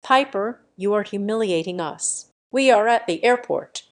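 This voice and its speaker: A threatening middle-aged mother, breathless and jagged at first, then dropping into a low, guttural menace, as a woman narrator reads her lines. Her voice sits at an ordinary middle pitch for a woman. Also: lively intonation, normal speed, natural voice. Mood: frantic.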